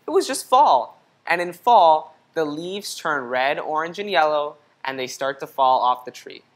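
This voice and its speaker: Woman, low voice, children's book reading, lively, questions to the listener. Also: a little slow. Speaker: children's story reader. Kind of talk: reading a picture book aloud.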